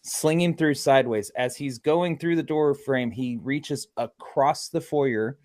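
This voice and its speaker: A man's voice: mid-range voice, unhurried, a little mellow, no echo. Storytelling man investigator, dry sound. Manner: vivid, detailed storyteller, restarts sentences. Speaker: paranormal investigator. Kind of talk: animated storytelling in a group interview.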